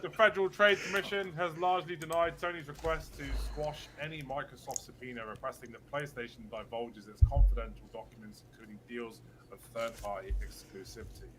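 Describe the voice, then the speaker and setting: Loud-laughing podcast host. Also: male voice, mid-range voice, fairly even intonation, fairly quick, background noise. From United Kingdom. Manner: swears freely, laughs loudly. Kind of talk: casual chat.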